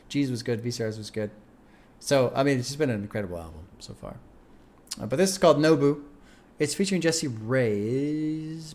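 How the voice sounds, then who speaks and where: A man's voice: medium pitch, a little mellow. A young man casually reacting to a song, chatty and laid-back, laughing often and reading lyrics aloud. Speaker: music reaction streamer.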